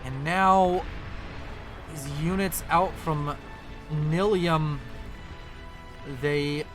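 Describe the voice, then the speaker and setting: A man with a high-set voice casts a strategy game match in a chatty, running commentary. He often corrects himself and apologizes for his slips. Faint music plays behind him. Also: fairly even intonation, drawn-out words. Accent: non-local accent, unnamed. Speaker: game caster.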